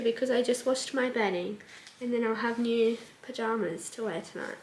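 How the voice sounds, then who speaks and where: Young woman vlogger, casual and gushing, slightly high voice, clear background noise behind. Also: moderate pace, a little mellow, rough recording. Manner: chatty, upbeat and gushing. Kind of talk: casual vlog chat. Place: outdoors in a park, then at home.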